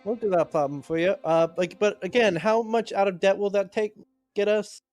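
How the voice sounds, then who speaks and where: A man's voice: high voice, moderate pace, darkish tone, faint music behind. A man playing a tabletop game, talking casually and a bit hesitantly. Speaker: player.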